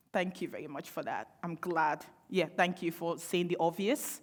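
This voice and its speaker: A young woman on a panel gives an impassioned, sarcastic public speech packed with rhetorical questions. Her voice is on the low side, fairly quick with hardly any pauses, and the hall adds long reverb.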